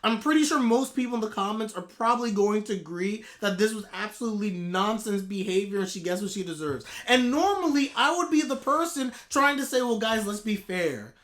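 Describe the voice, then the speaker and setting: A man ranting in a live anime reaction, heated and exasperated, with sudden loud outbursts. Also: sits high, expressive, a little fast, hardly any pauses.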